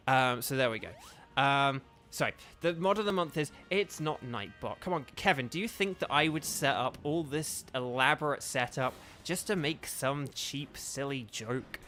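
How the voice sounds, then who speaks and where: A man's voice: medium pitch, fairly bright tone. Chatty English man streaming a game. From England. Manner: chatty, distractible, full of fillers and restarts. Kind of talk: casual livestream chat while gaming.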